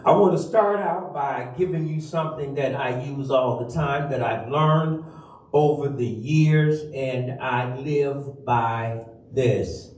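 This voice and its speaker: A minister preaching a sermon in a church, teaching slowly and emphatically and calling on the congregation to repeat after him. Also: male voice, mid-range voice, darkish tone. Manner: slow, emphatic teaching with call-and-response. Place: church sanctuary. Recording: echoey church from far off.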